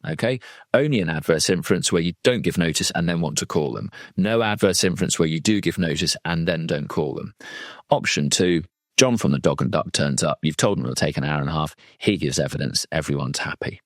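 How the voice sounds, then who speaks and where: A man's voice: extremely low pitch, a little fast, dry recording, clean studio sound. A man, a legal trainer and former defence lawyer, talking through a case in a chatty, digressive way with plenty of asides. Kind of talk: conversational legal training talk.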